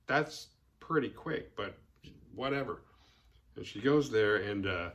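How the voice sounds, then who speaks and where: A man's voice: fairly low pitch, a bit bright. A man hosting a podcast who gives a casual, rambling movie recap, often chuckling and acting out quotes. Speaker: podcast host.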